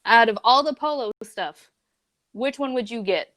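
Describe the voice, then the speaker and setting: Her voice sits on the high side, fairly bright, at a moderate pace. She's a young woman co-hosting a youth group livestream, relaxed and casual, reading memes out loud and peppering her talk with "like," "man," and "dude."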